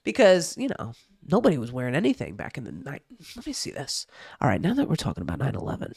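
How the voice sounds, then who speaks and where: A woman's voice: rumbling low, huge pitch swings, fast, vocal fry, darkish tone, slightly rough, no echo, clean studio sound. A young woman from New Jersey chatting casually on a live stream, swearing freely and reacting to chat. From New Jersey, USA. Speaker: streamer reading the news.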